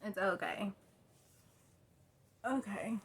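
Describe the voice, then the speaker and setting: A woman's voice: mid-range voice, drawn-out words, a bit bright, slightly rough. A young woman, chatting and rambling casually while doing her makeup at home, filmed on a phone. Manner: chatty, rambling, self-deprecating. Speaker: vlogger. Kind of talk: casual get-ready-with-me chat. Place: at home by a mirror.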